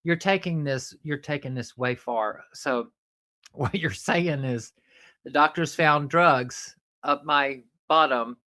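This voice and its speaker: Woman podcast host, bright crisp voice, casual joking chat, reads jokes aloud. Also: sits low, slow, no room sound, clean studio sound.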